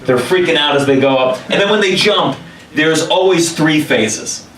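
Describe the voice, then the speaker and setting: A male comedian telling a story on stage, animated and exaggerated, sometimes shouting. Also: on the high side, moderate pace, slight background noise. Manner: animated, exaggerated quoted voices, bursts of shouting. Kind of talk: stand-up storytelling. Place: club stage with a laughing audience. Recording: echoey room, mic from a distance, crowd laughter.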